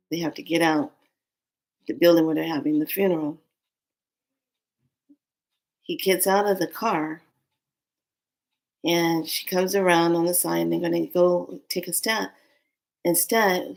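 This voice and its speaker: A woman telling an emotional personal story, earnest and intense, sometimes dropping to a hushed whisper and sometimes rising in anger. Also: on the low side, creaky. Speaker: storyteller recounting a loss.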